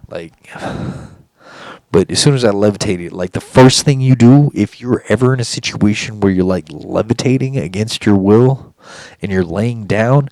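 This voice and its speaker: A man's voice: on the low side, unhurried, darkish tone, no room sound. A man telling a story in a casual monologue, rambling and intense, swearing often. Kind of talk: casual monologue recounting an encounter.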